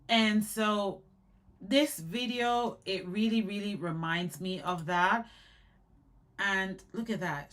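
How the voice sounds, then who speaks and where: A young adult woman in casual live commentary on hair care, chatty and animated, often repeating and restarting words. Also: mid-range voice, slow.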